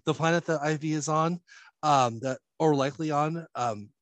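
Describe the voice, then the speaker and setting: Rambling man recapping comics, higher voice. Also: moderate pace, dry recording. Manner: rambling, many fillers and chuckles. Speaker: podcast host. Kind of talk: casual comic book recap chat.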